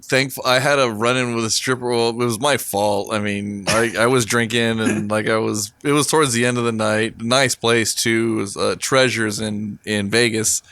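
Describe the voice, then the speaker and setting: A man's voice: on the low side, fairly even intonation, normal speed, few pauses, fairly bright tone, no echo, studio quality. A man co-hosting a podcast, chatting casually in a laid-back way and laughing often as he talks. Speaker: podcast co-host. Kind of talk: casual chat.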